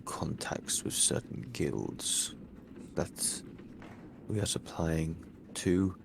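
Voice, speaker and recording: A man playing a chivalrous gentleman officer in a tabletop game, speaking with formal, clipped courtesy. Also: a bass voice, sing-song, very slow, gravelly, background noise. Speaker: player. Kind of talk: in-character tabletop role-play.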